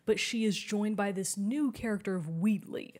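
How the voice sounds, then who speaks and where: A woman's voice: medium pitch, normal speed, a little mellow. A woman hosting a podcast in casual chat, enthusiastic and chatty, laughing often.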